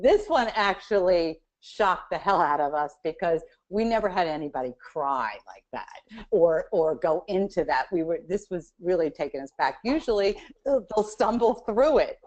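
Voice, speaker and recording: A woman's voice: fairly low pitch, animated, moderate pace, darkish tone, highs cut off. Hesitant, chatty woman recapping. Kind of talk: casual recap.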